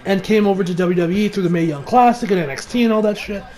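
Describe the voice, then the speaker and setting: A man giving a ranting wrestling review. He swears constantly and now and then breaks into shouted mocking impressions. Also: sits high, quick pace.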